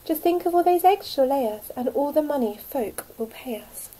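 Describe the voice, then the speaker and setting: A woman's voice: high-pitched, expressive, moderate pace, dark tone, pitched above the performer's own voice, poor audio. A woman voicing a greedy, scheming male thief in a children's storybook.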